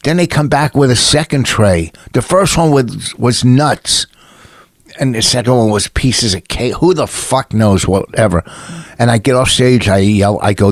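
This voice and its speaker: A man's voice: medium pitch, a little slow, dry recording, clean studio sound. A male comedian co-hosting a podcast, ranting with lots of swearing and acting out what other people said. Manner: ranting, profane and indignant; acts out quotes of other people. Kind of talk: casual podcast chat.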